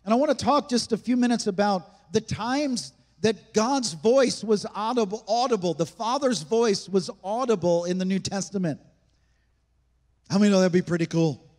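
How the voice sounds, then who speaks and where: High-voiced pastor preaching in a reverberant hall. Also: male voice, moderate pace, a little mellow. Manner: emphatic, conversational preaching with rhetorical questions. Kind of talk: sermon. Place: church sanctuary.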